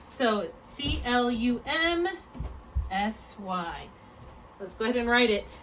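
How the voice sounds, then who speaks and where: A woman tutoring one-on-one in a phonics lesson, patient and encouraging, slowly spelling out letters and sounds. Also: a little high, expressive. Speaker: reading tutor. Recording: distant mic with clear background hum.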